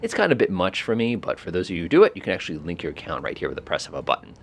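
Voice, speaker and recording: Fast-talking deep gravelly man. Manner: excitable, amused, chatty with frequent fillers. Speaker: flight simulator video host. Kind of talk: casual walkthrough commentary.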